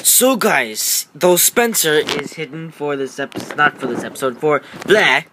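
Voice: medium pitch, expressive, moderate pace, background noise. A toy-video creator chatting casually and rambling with lots of fillers while narrating their toy play at home.

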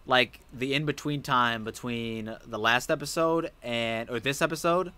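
A man co-hosting a casual gaming chat while he plays, telling stories in an animated way and swearing freely. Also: medium pitch, moderate pace, hardly any pauses. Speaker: co-host of a game challenge series.

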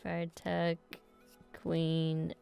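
A woman's voice: on the low side, monotone, very slow, vocal fry, dark tone, clean tone, no room sound, soft background music. A woman hosting a casual card-unboxing video, laughing often and listing the card names as she opens packs. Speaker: card-opening channel host.

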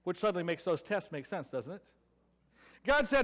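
A man's voice: high-pitched, very animated, moderate pace, long pauses, fairly bright tone. A man with a Southern American accent preaching a sermon, telling a story with playful sarcasm and acting out the people in it. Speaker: pastor.

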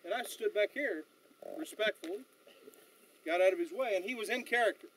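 A man leading a battlefield tour outdoors, telling stories in an animated way with frequent fillers and restarts. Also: sits high, a little hiss or hum, rough recording. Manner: animated storyteller, halting with fillers. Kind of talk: outdoor guided tour talk.

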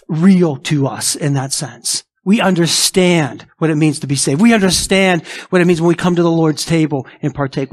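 A male pastor preaching a sermon emphatically, asking rhetorical questions and acting out imagined objections. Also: high voice. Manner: acts out imagined objections in a raised voice.

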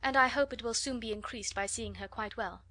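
A woman voicing an easygoing young gentleman who speaks in a cheerful, open way, in a storybook reading. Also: fairly high pitch, a little fast, no room sound. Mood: genial.

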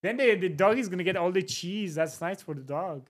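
A woman hosting a casual livestream, reacting to videos with giggly, animated chatter. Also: fairly low pitch, a little fast. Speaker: livestream host.

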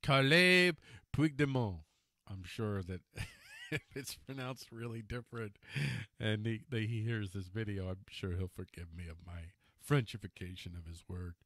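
A man's voice: on the low side, fairly bright tone, dry recording, studio quality. A man giving casual, wry political commentary, sarcastic and laughing at his own jabs, stumbling over names and correcting himself.

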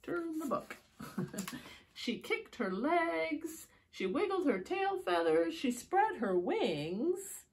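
A woman reading picture books aloud to young children, expressive, with gasps and drawn-out words. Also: high voice, slight background noise. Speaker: storytime reader.

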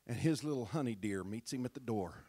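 A man preaching a sermon in a church, talking conversationally and building to loud, shouted praise. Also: mid-range voice, lively intonation, a little fast, husky, dry recording.

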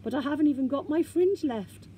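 A woman's voice: sits high, expressive, a little fast, mellow, slight background noise, pitched above the performer's own voice. A woman reading aloud, voicing a shy, romantic young female storybook creature in a slightly raised voice. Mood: wistful.

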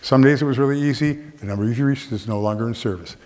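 On a theater stage, a man tells a funny story from his own life, animatedly performing the voices of the people involved. His voice is mid-range and his pace quick, with the long reverb of the theater around him.

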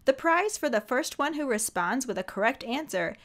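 A woman's voice: high voice, expressive, moderate pace. A woman co-hosting a podcast in casual chat, gushing and enthusiastic about the books she loves. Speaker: podcast co-host.

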